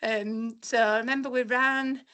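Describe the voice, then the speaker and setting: A woman's voice: fairly high pitch, steady tone, unhurried, a bit bright. Chatty woman. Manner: chatty, rambling with restarts. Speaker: podcast co-host and race runner. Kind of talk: casual podcast chat.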